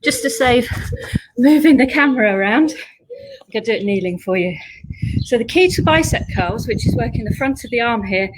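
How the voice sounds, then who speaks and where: A woman's voice: fairly high pitch, sing-song, normal speed, noisy background. Upbeat woman coaching a workout. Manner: upbeat coaching, chatty asides. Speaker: fitness instructor. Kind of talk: live workout class instruction.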